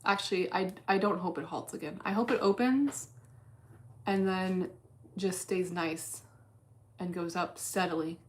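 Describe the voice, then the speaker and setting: A woman's voice: lowish voice, measured pace. Blunt, profane woman streamer. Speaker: livestream host reading chat while day trading. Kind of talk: casual livestream chat.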